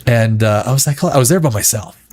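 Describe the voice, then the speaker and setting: A man's voice: mid-range voice, a little fast, darkish tone. A man hosting a casual pop-culture commentary show, rambling with stammered restarts and breaking into profane rants. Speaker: show host.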